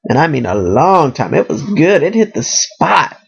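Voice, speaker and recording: A man's voice: on the high side, sing-song, normal speed, vocal fry, husky, dull audio. A young man in his college years talks on his podcast in a voice that sits a bit above the usual male range. He rambles from topic to topic, leaning on "you know" and "like", and often pokes fun at himself. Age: young adult. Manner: rambling, self-deprecating, fills with "you know" and "like". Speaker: podcast host. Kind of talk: casual monologue.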